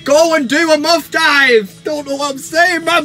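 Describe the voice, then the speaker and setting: Hosting his fan vlog, this young man is giddy, shouty, and freely profane, his voice very high, bright, and sharp. Still, his tone holds steady and his pace stays moderate, with faint music in the background.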